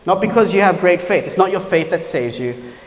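Pastor preaching in a reverberant hall. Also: male voice, high-pitched, expressive, a little fast. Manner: conversational, repeats "right?" to check understanding. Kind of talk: sermon.

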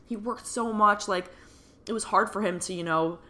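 A woman's voice: medium pitch, normal speed, bright, forceful tone. A young woman telling a personal story in a chatty way, full of fillers and laughing now and then, as a podcast host. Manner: chatty, full of "like" and "you know", laughs often.

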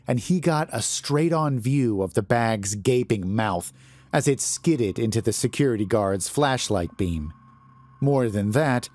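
A man reading a horror story aloud in a deliberate, expressive manner. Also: lowish voice, no echo. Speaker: narrator.

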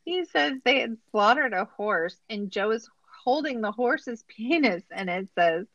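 A woman's voice: a little high, lively intonation, unhurried, few pauses, a bit bright, dull audio, slight background noise. A woman hosting a casual podcast, recapping a show in a laughing, incredulous way, with lots of "like". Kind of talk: casual chat.

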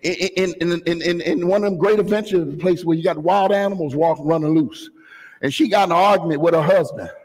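A pastor preaching a fervent sermon, often rising to a shout and dropping into joking asides. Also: male voice, fairly high pitch, brisk, big-room sound, poor audio. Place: church sanctuary.

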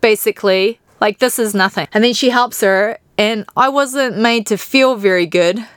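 A woman's voice: mid-range voice, normal speed, clean tone, no echo, clean studio sound. A woman from New Zealand with a New Zealand accent, hosting a podcast and candidly, emotionally retelling personal stories. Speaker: podcast host.

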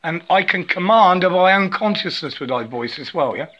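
Speaking into a phone at a moderate pace, this man's high-pitched voice sounds animated, pushed and bright, though the audio itself is dull. His spiritual monologue wanders, broken by wordless chanting, frequent stammers and repeated words, with "yeah?" tacked onto his sentences.

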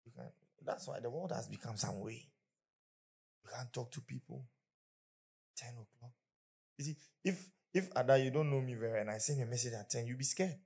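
A man's voice: medium pitch, fairly quick, vocal fry, long pauses, darkish tone, husky. A man preaching a conversational sermon as pastor, often acting out the people he quotes.

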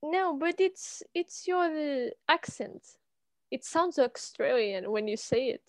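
A woman chats on a book podcast at an unhurried pace, her pitch swinging widely. The sound is dry and close. She teases her co-host with blunt remarks. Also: lively intonation, no echo. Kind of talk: casual chat.

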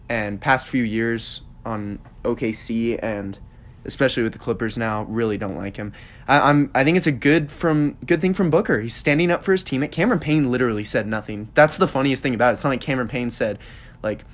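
Young guy podcast host, loose rambly sports chat, mid-pitched voice. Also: brisk. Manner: rambling, animated opinions with many fillers.

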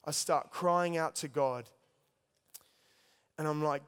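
A man's voice: a little high, takes it slowly, long pauses, a bit bright, clear, resonant tone. Earnest man preaching in a reverberant hall. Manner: storytelling, earnest, addresses listeners as guys. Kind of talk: sermon testimony.

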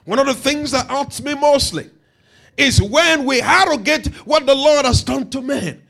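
High-pitched, emphatic male preacher. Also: measured pace, creaky. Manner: emphatic, repeats phrases, swells to shouts. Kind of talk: sermon.

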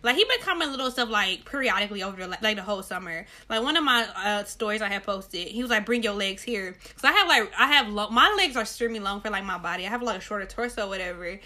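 A young woman co-hosting a podcast in casual, slangy chat, animated and laughing often. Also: mid-range voice, quick pace, few pauses. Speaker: podcast co-host.

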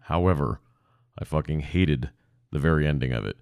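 Gravelly, very deep-voiced man rambling. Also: moderate pace, darkish tone, dry recording, clean studio sound. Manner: profane, self-deprecating, digressive. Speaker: podcast host. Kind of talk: casual rambling monologue. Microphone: podcast microphone.

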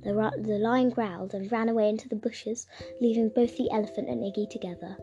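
A woman narrating a children's audiobook in a playful, expressive way. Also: a little high, a little fast, dull audio. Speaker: storyteller. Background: music.

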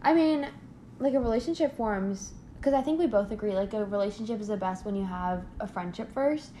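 A woman's voice: mid-range voice, brisk, dark tone. Hesitant young woman in an echoey room. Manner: hesitant, rambling, many restarts. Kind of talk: casual chat. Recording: echoey room with faint background noise.

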